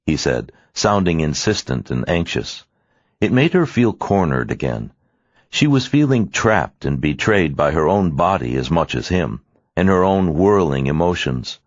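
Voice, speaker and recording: A man narrating an audiobook with expressive storytelling, in a dry, slightly muffled studio recording. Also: rumbling low, unhurried, no echo. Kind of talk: scripted narration.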